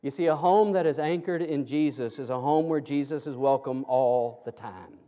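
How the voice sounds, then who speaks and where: A male pastor preaching a sermon, slowing into emphatic, pleading phrases. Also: medium pitch, mellow, in a large hall. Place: church sanctuary.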